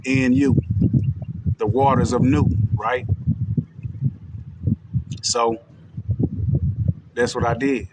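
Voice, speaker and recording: A man's voice: medium pitch, level tone, extremely slow, long pauses, very noisy. A man from Texas with a country twang, talking casually and directly to his livestream viewers, with loose, street-casual phrasing. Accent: Texan. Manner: loose, street-casual and direct, with frequent "you know what I'm saying". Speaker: livestream host.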